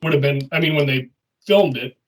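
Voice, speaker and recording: A man's voice: a little high, a little fast, distant mic, poor audio. A man co-hosting a podcast, chatting casually and often agreeing. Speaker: podcast co-host. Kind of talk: casual chat.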